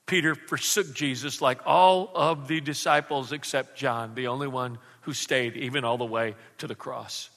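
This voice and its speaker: A male pastor preaching a lively sermon and calling for responses from the congregation. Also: a little high, normal speed, long reverb tail.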